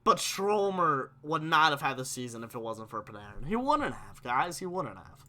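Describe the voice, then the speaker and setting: A young sports streamer with a slightly high voice and moderate pace talks casually with his audience, reading their chat questions aloud. He turns animated and heated as he argues his points.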